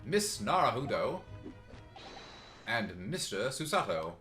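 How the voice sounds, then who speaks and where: A grand, boastful gentleman detective from a game, eccentric and full of himself, booming out his lines high and loud, as a man puts him on. There's faint music playing behind him. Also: big pitch swings, slow, exaggerated voice. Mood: grandiose. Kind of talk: game dialogue read aloud.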